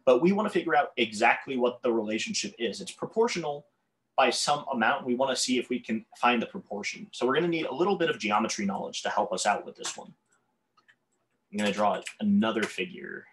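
A man's voice: medium pitch, lively intonation, fairly quick, a bit bright, slight background noise. A man teaching a calculus lesson while drawing on a board, often stumbling over words and correcting himself. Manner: tongue-tied, self-correcting, apologetic asides. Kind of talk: whiteboard math lesson.

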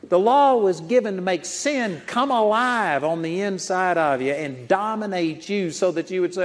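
A man's voice: high voice, expressive, moderate pace, hardly any pauses. A man preaching a sermon in a folksy storytelling way, chuckling at his own anecdotes. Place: large auditorium. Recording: long auditorium reverb.

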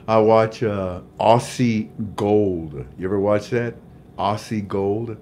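A man's voice: lowish voice, slow pace, slight background noise. An older man hosting a faith-based livestream. He greets viewers by name in a jovial, chatty way, laughs at his own jokes and leads a prayer. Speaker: livestream host. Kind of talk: casual livestream chat and prayer.

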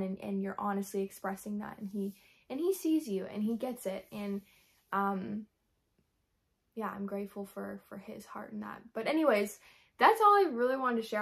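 A woman talking candidly in a personal faith vlog, her voice tired and worn, soft and halting with many fillers. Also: medium pitch, creaky. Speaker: faith vlogger.

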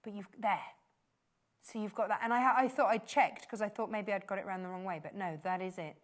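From a TV studio, a shopping-channel presenter gives a live on-air pitch, speaking a little fast. Her manner is gushing and enthusiastic, with praise words repeated constantly.

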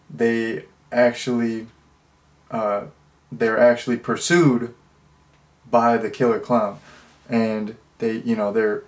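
A man casually reviewing a horror movie, rambling with lots of fillers and restarts, getting loud and incredulous when something amuses him. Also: mid-range voice.

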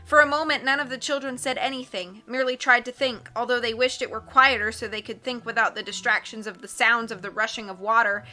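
A woman narrating a novel aloud with an expressive, storytelling delivery. Her voice sits high and sounds very bright, with soft music under the reading. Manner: expressive, lifts her voice for dialogue. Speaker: audiobook reader.

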